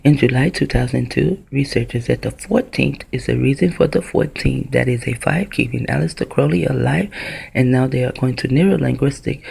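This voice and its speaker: A woman's voice: very deep voice, creaky, mellow, breathy edge. A woman talking into her own camera in a rambling, profane vlog monologue that drifts from one idea to the next. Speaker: vlogger.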